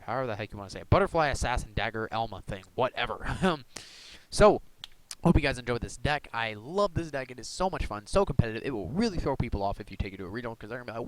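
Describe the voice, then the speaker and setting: A man's voice: mid-range voice, animated, very fast, poor audio. A young man casually walking through his card deck, rambling with many ums and uhs. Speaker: YouTuber showing a card deck. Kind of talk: casual deck profile talk.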